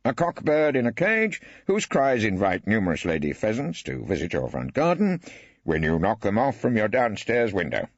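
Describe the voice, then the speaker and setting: A man's voice: lowish voice, wildly swooping pitch, moderate pace, no room sound, pitched above the performer's own voice, heavily acted. A man playing a wry mock-polite barrister. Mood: ironic. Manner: arch, ironic courtroom questioning. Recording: dry, slightly dull studio.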